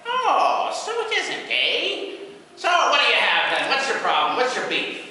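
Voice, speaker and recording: A man puts on a pompous male gatekeeper who barks through a peephole in a high, nasal, shouty voice. The voice sits well above a normal speaking range and swings widely. It carries from a distance across a reverberant hall with a crowd around. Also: wildly swooping pitch, a little slow, heavily acted. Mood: blustering. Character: gruff male doorman at a peephole, blustering then weepy. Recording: echoey hall from far off, crowd.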